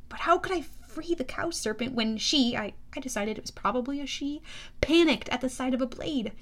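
A woman with a high voice narrating a first-person audiobook. Her telling is lively and expressive, full of youthful energy. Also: a little fast.

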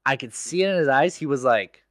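A man's voice: mid-range voice, animated, fairly quick, a bit bright, dry recording, clean studio sound. A young man in casual chat, telling a work story in slangy speech full of "like". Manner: slangy storytelling, heavy use of "like".

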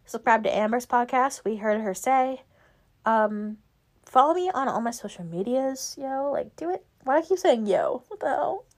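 A woman's voice: on the high side, lively intonation, normal speed. Rambling young woman podcaster. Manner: rambling, filler-heavy, frequent "like" and "um". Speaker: podcast host. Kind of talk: casual solo podcast chat.

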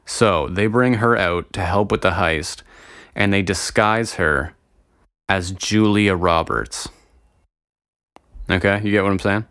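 A man's voice: low voice, slow pace, long pauses, a bit bright, dry recording, studio quality. A young man chatting casually and profanely to his viewers, rambling and getting sidetracked as he talks. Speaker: vlogger. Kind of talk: casual solo chat to viewers.

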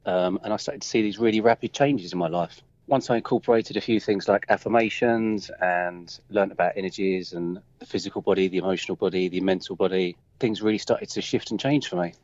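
A man with a Kent accent talks quickly in a relaxed, rambling way, often pausing on "um". His voice sits a little low. The line is dry and a bit dull, like a remote call. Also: no room sound. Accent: Kent, England. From England. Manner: relaxed, rambling, with frequent ums. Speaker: guest. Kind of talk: casual interview chat.

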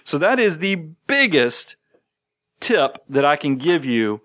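A man's voice: a little high, slow pace, no echo, clean studio sound. A man, co-hosting a casual money talk show and animatedly acting out quotes as he tells stories. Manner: animated, storytelling with acted-out quotes. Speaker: podcast co-host.

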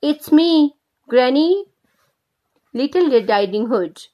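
A woman's voice: high voice, expressive, slow, warm tone. A woman voicing a sly male wolf who pretends to be a sweet grandmother, speaking in a sugary put-on tone. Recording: slightly dull lo-fi recording.

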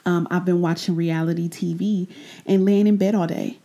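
Woman, mellow low voice, candid podcast monologue, reflective, soft breathy asides. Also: steady tone. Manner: repeats phrases, trails off into pauses. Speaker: podcast host. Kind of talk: personal faith podcast monologue.

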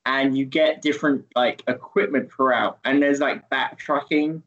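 A man's voice: mid-range voice, steady tone, moderate pace, a bit bright, dull audio. A man hosting a podcast, chatting casually and teasing, rambling with many restarts. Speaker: podcast host. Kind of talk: casual chat.

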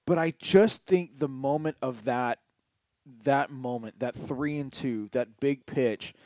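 A middle-aged man co-hosting a podcast, chatting casually about sports and telling stories with drawn-out, emphatic words. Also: mid-range voice, dry recording, studio quality. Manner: animated storyteller, stretches key words. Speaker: podcast co-host.

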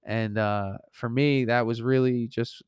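A man's voice: medium pitch, measured pace, clean tone, no room sound, clean studio sound. A man hosting a podcast, casually telling a story from his painting business, rambling with lots of fillers. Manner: rambling, filler-heavy, animated retelling. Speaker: podcast host and painting contractor.

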